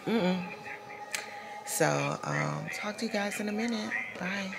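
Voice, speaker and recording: A woman vlogger talks to her phone camera in a deep, gravelly voice, laid-back and full of filler words. She speaks slowly and easily. Heavy background noise runs under everything she says. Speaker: lifestyle vlogger. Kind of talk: casual vlog chat.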